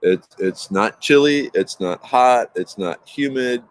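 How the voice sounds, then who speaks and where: A man's voice: mid-range voice, animated, takes it slowly. A man hosting a casual morning livestream from his backyard, greeting viewers by name in an upbeat, rambling way. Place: outdoors in a backyard. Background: traffic noise.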